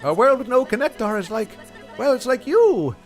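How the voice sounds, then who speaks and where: A man's voice: very high-pitched, sing-song, moderate pace, soft background music, voice pushed up. A man voicing an anxious earnest young son. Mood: worried.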